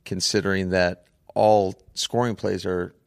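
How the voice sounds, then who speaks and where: A man's voice: deep voice, level tone, unhurried, gravelly, smooth. A man in a casual podcast interview as the guest coach, easygoing and trailing into restarts.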